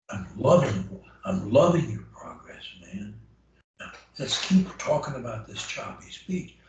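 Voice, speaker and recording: A man's voice: medium pitch, lively intonation, takes it slowly, long pauses, a little mellow. A man coaching a client over a video call, emphatic and encouraging, repeating phrases for emphasis. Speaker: stuttering coach. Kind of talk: one-on-one coaching session. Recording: very echoey room, heard from a distance.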